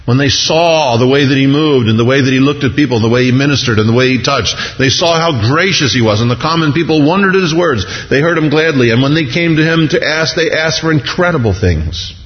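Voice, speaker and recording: A man's voice: expressive, a little fast, hardly any pauses. A man preaching a sermon, reading scripture aloud and then explaining it, acting out the voices of the people in the story. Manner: reads scripture then expounds, acting out voices with rising pitch. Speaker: pastor. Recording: dull, lo-fi sound with long hall reverb.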